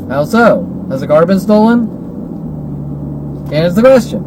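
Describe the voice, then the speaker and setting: A man's voice: high-pitched, expressive, moderate pace. A man in his forties in an agitated, repetitive monologue full of rhetorical questions, recorded while driving. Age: 40s. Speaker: vlogger. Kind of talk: ranting monologue. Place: in a driving car. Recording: noisy car recording.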